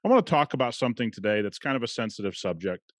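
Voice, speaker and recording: A man's voice: mid-range voice, sing-song, fast talker, dry recording, studio quality. A man hosting a podcast, telling a story in a conversational, emphatic way. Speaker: podcast host. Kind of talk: casual podcast monologue.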